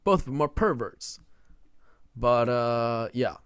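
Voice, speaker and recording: A man's voice: mid-range voice, animated, slow, clear, resonant tone, dry recording, studio quality. A man hosting a podcast, giving a riled-up, slangy rant that he keeps peppering with "dude" and "man.". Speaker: podcast host. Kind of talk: casual ranting monologue.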